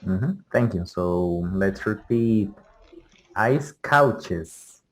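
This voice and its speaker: Male English teacher, lowish voice, patient, slow model words, video call. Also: expressive, slight background noise. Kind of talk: pronunciation drills in an online class.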